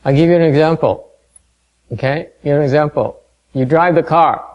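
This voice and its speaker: A man giving a dharma talk to a meditation class, halting and full of fillers, quizzing and gently teasing his listeners. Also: fairly high pitch, dull audio. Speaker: meditation teacher.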